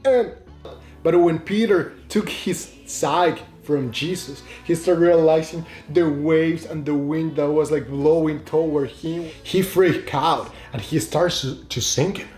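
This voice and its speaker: A man's voice: a little high, slow, darkish tone, reverberant, soft background music. A man casually retelling a Bible passage and giving a short devotional, speaking informally and using "like" often, with non-native phrasing.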